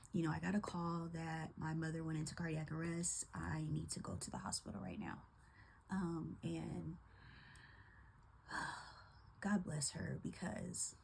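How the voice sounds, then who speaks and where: A young woman speaks in a soft, halting voice, holding back tears as she tells a personal story. Her low voice has a heavy gravelly fry. Light noise sits behind her. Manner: soft-spoken, halting, many ums and likes. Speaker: teacher. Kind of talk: personal testimony.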